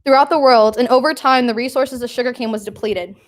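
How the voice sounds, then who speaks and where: A woman's voice: fairly high pitch, brisk. A young woman, a committee chair, giving an emotional award speech while trying not to cry. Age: young adult.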